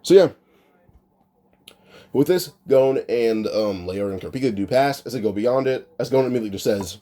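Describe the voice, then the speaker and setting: A man's voice: medium pitch, animated, normal speed, warm tone. A man casually retelling an imagined anime storyline off the cuff, rambling with frequent restarts and filler words.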